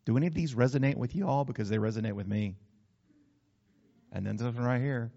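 A man's voice: mid-range voice, quick pace, gravelly, warm tone, lo-fi sound. A man preaching a sermon, folksy and conversational, slipping into acted asides. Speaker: pastor.

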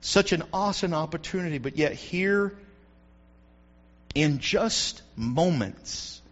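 A man preaching a sermon, telling the story with animated swings between loud and hushed delivery, on a dull lo-fi recording. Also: fairly high pitch.

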